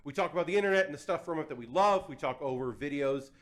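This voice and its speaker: A man's voice: a little high, expressive, quick pace. A man hosting a live convention panel in a casual, playful, self-deprecating way. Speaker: panel host. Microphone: handheld or table mic.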